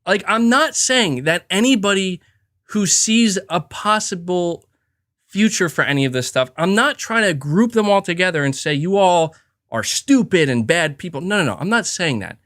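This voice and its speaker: Man, podcast host, heated profane rant, emphatic, restarts, animated voice. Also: sits high, normal speed.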